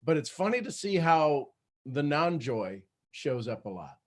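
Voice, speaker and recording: A man's voice: fairly high pitch, sing-song. A man with a slightly raised voice hosts a video call and gives earnest, supportive coaching. He often stops and restarts his sentences as he works out what to say. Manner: earnest, halting, many restarts. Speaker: host. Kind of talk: motivational coaching talk.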